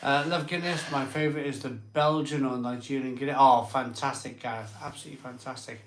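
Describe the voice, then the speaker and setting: A man's voice: mid-range voice, fairly even intonation, brisk, noisy background. A man co-hosting a live stream, joking and chatting casually in a self-deprecating way. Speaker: co-host of a live drinking stream. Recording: echoey room, a bit away from the mic.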